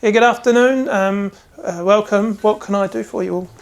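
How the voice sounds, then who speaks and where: A man's voice: sits high, fairly even intonation, moderate pace, creaky, pitched above the performer's own voice. A man voicing a young male blacksmith's apprentice, polite and flustered. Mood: eager.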